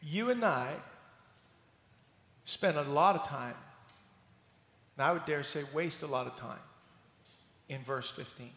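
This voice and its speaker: High-voiced preacher in a reverberant hall. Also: male voice, slow pace, long pauses. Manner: animated storytelling, acts out scenes with humor. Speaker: pastor. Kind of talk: sermon. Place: church sanctuary.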